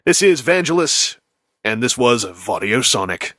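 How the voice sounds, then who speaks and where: A man's voice: lowish voice, sing-song, normal speed, a bit bright, no room sound. A man hosting a casual podcast chat, rambling and self-mocking with dry sarcasm. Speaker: podcast host.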